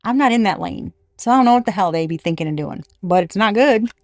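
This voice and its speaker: A woman giving a casual tarot reading, blunt and animated, swearing freely. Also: mid-range voice, fast, dry recording, studio quality. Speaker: tarot reader.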